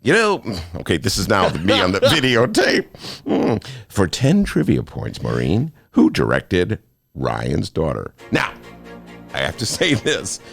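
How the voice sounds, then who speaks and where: A man's voice: deep voice, huge pitch swings, unhurried, vocal fry, fairly bright tone, breathy edge, dry recording, faint music behind. A man hosting a talk show in a studio, joking and self-mocking in a playful monologue. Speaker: host.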